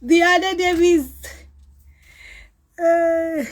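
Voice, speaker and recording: A woman hosting a casual live stream, her voice rough from a cold, chatting and greeting viewers by name while she waits for guests. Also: very high-pitched, fairly even intonation, very slow, low-quality recording.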